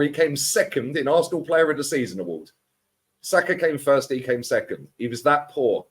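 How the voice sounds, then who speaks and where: A man ranting as a football fan pundit, animated and mocking other fans. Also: mid-range voice, moderate pace, slight background noise. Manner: animated, mocks other fans in put-on voices. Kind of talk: heated fan rant.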